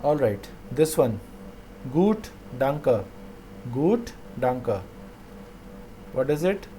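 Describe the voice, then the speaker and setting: A man teaching a language lesson, saying each phrase slowly twice and then explaining it. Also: mid-range voice, very animated, warm tone, slight background noise.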